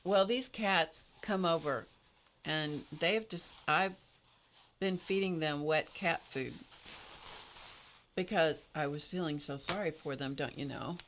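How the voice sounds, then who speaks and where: Low-voiced woman rambling on with a story while she paints live, little laughs, faint noise behind. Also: slow, a bit bright. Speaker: art livestream host. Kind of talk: casual chat while painting.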